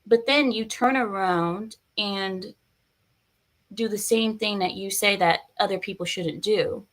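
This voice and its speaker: A woman's voice: mid-range voice, measured pace, a bit bright. A woman doing casual live-stream commentary, chatty and opinionated, reading viewer comments aloud.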